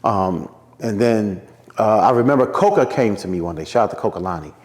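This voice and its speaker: Animated storytelling man from Philadelphia. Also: on the low side, brisk, big-room sound. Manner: animated storyteller acting out quotes in a raised voice. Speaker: radio personality guest. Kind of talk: casual interview storytelling.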